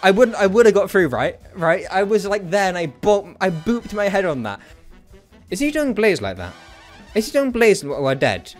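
A young man streaming a game, commenting live in an excitable, jokey way and often breaking into laughter and yelps. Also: high-pitched, normal speed, faint music behind. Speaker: gaming streamer.

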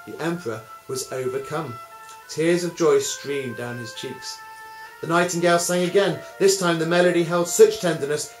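A man, a music teacher, telling a story in a calm, measured way. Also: on the high side. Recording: roomy, with music behind.

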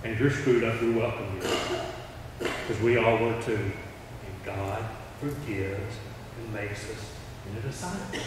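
A man's voice: on the low side, slow pace, pauses often, noisy background. Man, middle-aged, storytelling sermon, very echoey church hall, distant mic. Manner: storytelling, acting out quoted voices. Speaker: preacher.

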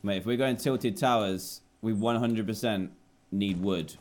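A man's voice: fairly low pitch, a little slow, darkish tone, slight background noise. A young British man chatting while streaming a game live, reading out donors' names and apologising often.

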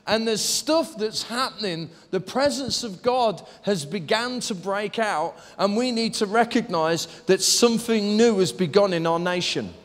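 A man preaching a lively sermon in a church, telling stories and acting out voices. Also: sits high, unhurried, hardly any pauses. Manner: animated storytelling, acts out voices and laughs. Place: church hall. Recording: reverberant church hall.

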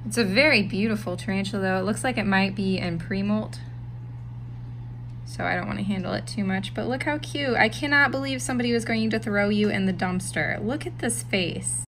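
A woman keeper talking casually in a vlog, chatty and soft-spoken, cooing to her pet spider. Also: medium pitch, a little fast, noisy background. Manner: chatty, talks softly and coos to the spider. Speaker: tarantula keeper.

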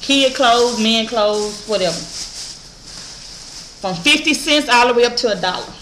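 Bright-voiced woman showing her haul. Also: fairly high pitch, unhurried, a little hiss or hum, poor audio. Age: adult mother. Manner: animated storytelling, acts out others' voices; blunt and profane. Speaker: vlogger showing a shopping haul. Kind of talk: casual chat to camera.

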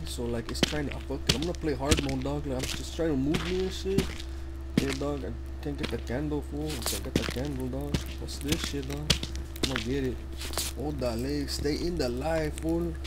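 A young man casually commenting on a horror game as he plays, full of slang and swearing, now and then yelling in panic. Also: a little high, normal speed, heavy background noise. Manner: profane, slangy, keeps saying "dog", yells in panic at scares. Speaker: gameplay streamer. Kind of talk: casual let's play commentary. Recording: loud game music behind the voice.

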